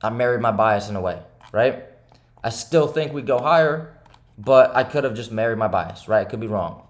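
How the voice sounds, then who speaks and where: A man's voice: lowish voice, lively intonation, normal speed. A young man who day-trades, talking over his charts to viewers after a bad day, frustrated and upset, repeating himself and asking "right?" again and again. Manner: repetitive, keeps asking "right?", swings between heated and subdued. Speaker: day trader and channel host. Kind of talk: frustrated self-talk to camera.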